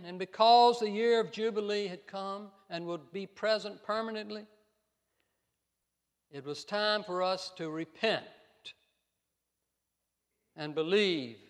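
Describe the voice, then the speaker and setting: An older man preaching a sermon as pastor, telling stories with emphatic rises and soft trailing endings, in a church sanctuary. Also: sits high. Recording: long reverb of a church hall.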